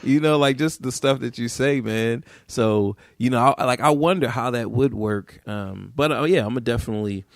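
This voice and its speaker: A man's voice: medium pitch, normal speed, creaky, few pauses, dry recording, studio quality. A man from Baltimore hosting a podcast, chatting in an easygoing way and laughing often. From Baltimore, USA. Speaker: podcast host. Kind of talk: casual podcast interview.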